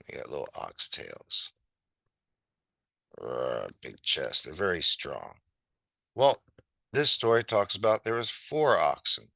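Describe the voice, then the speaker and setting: A man's voice: deep voice, big pitch swings, takes it slowly, gravelly, long pauses, bright, forceful tone, no room sound, rough recording. A man telling an old fable in a casual, rambling and playful way, with chatty asides as he draws. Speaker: storyteller. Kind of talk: casual fable storytelling while drawing.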